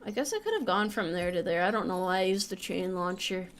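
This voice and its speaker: A woman's voice: fairly low pitch, lively intonation, a little fast. A young woman streaming a game, chatting casually with a playful, joking manner and casual swearing. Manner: playful, jokey, swears casually while playing.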